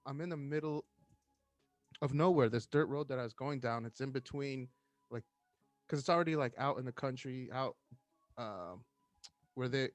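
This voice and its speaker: A man's voice: medium pitch, dry recording. A man in his thirties, a firefighter guest, telling a story in casual chat and acting out the voices of the people in it.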